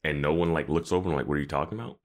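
A man's voice: a bass voice, very fast. A man co-hosting a casual podcast, laughing often and firing off incredulous questions about an episode. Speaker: podcast co-host. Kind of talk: casual chat discussing a TV episode.

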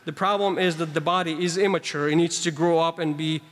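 This preacher's voice is fairly high and a bit bright, his tone steady and his pace fairly quick. He emphatically explains scripture verses in a sermon, adding conversational asides to the congregation, recorded with the long reverb of a large hall.

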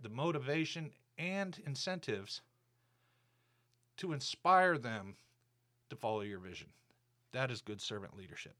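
A man's voice: medium pitch, fairly bright tone. A man hosting his own podcast, telling a workplace story in a casual, indignant, ranting way. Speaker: podcast host. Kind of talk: casual monologue.

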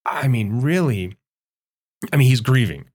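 A man's voice: mid-range voice, animated, a little slow, darkish tone, husky. A man co-hosting a podcast, eagerly retelling film scenes and often checking in with "right?". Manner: enthusiastic, retells scenes with acted quotes, keeps saying right. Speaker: podcast co-host. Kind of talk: casual film discussion.

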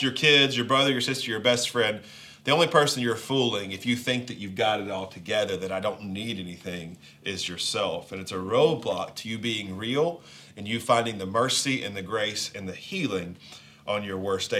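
A man's voice: on the low side, normal speed, sharp tone. A man with a Southern accent, preaching a sermon in a conversational, joking way with playful asides. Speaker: pastor.

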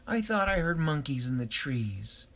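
A man voicing an excited little girl, eager and breathless, in a told story. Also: on the high side, a little slow, heavily acted.

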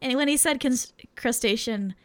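A woman's voice: fairly high pitch, normal speed, a bit bright. A woman co-hosting a podcast, talking in a loose, chatty, informal way. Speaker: podcast co-host. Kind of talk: casual chat.

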